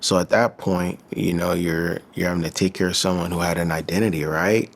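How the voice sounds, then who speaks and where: A man's voice: low voice, steady tone, fairly quick, vocal fry. A man from the Midwestern United States, a physician assistant, talking casually and earnestly with lots of fillers. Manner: loose, filler-heavy, earnest. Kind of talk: casual conversation.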